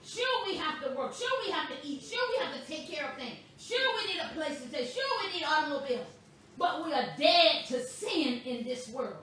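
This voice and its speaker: Woman pastor, sermon, very high bright voice, echoey room from a distance. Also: animated, a little hiss or hum. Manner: slow, emphatic preaching, stresses words boldly.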